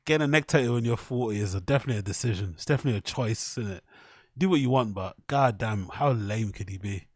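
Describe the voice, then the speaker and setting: A man's voice: on the low side, a little fast, no room sound, clean studio sound. A man hosting a stream, loosely reacting to clips and reading a news story aloud, swearing often. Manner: loose and profane, riffing on clips. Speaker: streamer host. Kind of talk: casual stream commentary.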